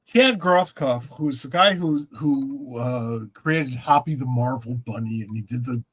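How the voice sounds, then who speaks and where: A man's voice: medium pitch, measured pace, breathy edge, low-quality recording. A man in his seventies, a podcast host telling a long rambling anecdote in casual chat, with repeats and restarts. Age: 70s.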